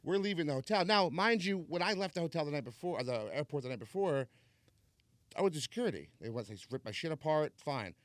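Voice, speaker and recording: A man's voice: on the high side, fast, dry recording. Man telling a story on a dry podcast mic. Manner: animated storyteller, swears freely. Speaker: podcast host. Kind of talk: casual chat.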